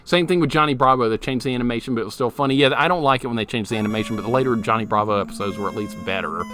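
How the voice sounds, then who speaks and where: Racing along in a medium pitch, this thirty-something man talks and laughs with his viewers while playing a retro game, dropping casual swear words. Retro game music sits loudly under his voice.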